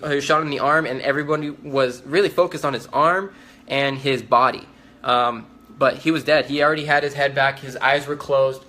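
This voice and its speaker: A man with a mid-range, pushed, bright voice gives first-person eyewitness testimony about an event. He tells it urgently and insistently, restarting often and acting out the lines of the people he met.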